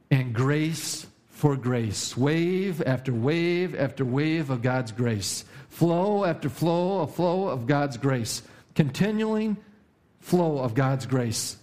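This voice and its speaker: A male pastor preaching a sermon, repeating key lines with sudden rises and drops in pitch. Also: a little mellow. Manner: preaching with emphatic repetition and sudden pitch swings.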